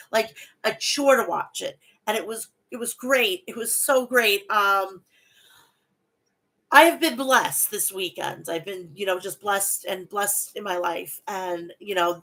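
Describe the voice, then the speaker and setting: Bright-sounding woman doing a chatty wrestling podcast, blunt, curses a lot. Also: medium pitch, poor audio. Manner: blunt, swears freely, gets emotional. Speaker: podcast host. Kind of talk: casual wrestling podcast chat.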